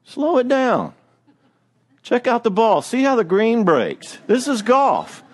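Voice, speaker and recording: A man's voice: very high voice, huge pitch swings, slow pace. A middle-aged man giving a church marriage seminar, a joking, self-deprecating storyteller. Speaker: marriage speaker.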